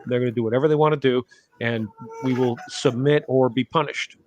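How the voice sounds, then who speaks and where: A man's voice: medium pitch, steady tone, fairly quick, a little mellow, slight background noise. A man co-hosting a podcast, ranting bluntly about government and swearing freely in casual talk. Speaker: podcast co-host. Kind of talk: casual political podcast chat.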